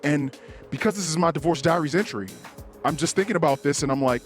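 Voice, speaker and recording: A man's voice: a little high, brisk, soft background music. Rambling, self-critical man hosting a podcast. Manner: rambling, self-critical, swears a lot, acts out angry quotes. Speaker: podcast host. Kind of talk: candid solo podcast confession.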